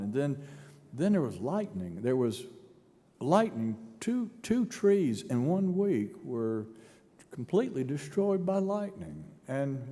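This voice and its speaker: A man's voice: mid-range voice, warm tone. A male pastor preaching a sermon, dramatic and storytelling, acting out imagined speakers. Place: large church sanctuary. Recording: long church reverb.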